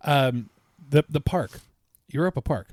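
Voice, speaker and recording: A man co-hosting a casual podcast, telling rambling travel stories with frequent laughs and throat-clearing. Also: medium pitch, lively intonation, measured pace, dry recording, studio quality. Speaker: podcast co-host. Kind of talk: casual chat.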